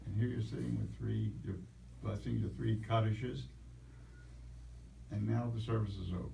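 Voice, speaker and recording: A man's voice: lowish voice, fairly even intonation, normal speed, vocal fry, mellow, a little hiss or hum. A man in the audience asks a question, musing and searching for his words. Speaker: audience member asking a question. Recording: distant voice in an echoey room.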